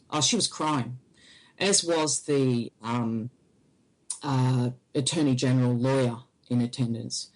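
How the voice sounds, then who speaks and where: A woman, an interview guest, recounting a personal experience in halting, hesitant speech. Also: extremely low pitch, rough recording.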